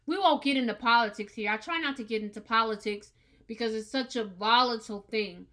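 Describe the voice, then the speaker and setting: A woman hosts her own podcast in an earnest, emphatic monologue. Her voice sits a little high and rings bright and forceful. She often repeats her words. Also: fairly quick. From United States. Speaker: podcast host.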